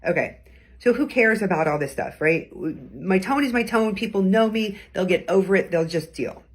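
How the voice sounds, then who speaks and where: A woman with a husky, expressive, medium-pitched voice speaks at a moderate pace. As host and communication coach of a weekly talk, she teaches about tone of voice in a conversational, encouraging way, acting out different tones as examples.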